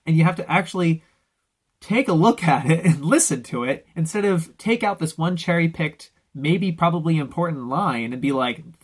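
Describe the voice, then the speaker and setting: Young guy rambling about videos, kinda high voice, swears a lot, laughs mid-sentence. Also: animated, moderate pace, breathy edge. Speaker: host reviewing anime videos. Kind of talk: casual commentary.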